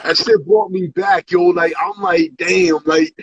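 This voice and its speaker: A man's voice: high-pitched, fairly even intonation, unhurried, a bit bright, breathy edge, no room sound, lo-fi sound. A man hosting a casual hip hop interview, laid-back and full of slang and fillers. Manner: laid-back slang, many fillers and "you know what I mean". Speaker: interviewer host.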